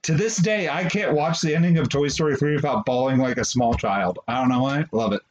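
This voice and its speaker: A man's voice: medium pitch, a little fast. A man co-hosting a podcast, telling a story in casual chat and laughing often. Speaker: podcast co-host. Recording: dull lo-fi audio, faint hiss.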